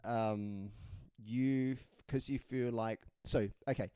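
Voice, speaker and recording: A man's voice: mid-range voice, fairly even intonation, slow pace, mellow, clean tone, dry recording. A man co-hosting a casual comedic podcast chat, rambling and jokey with stumbling restarts. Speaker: podcast co-host.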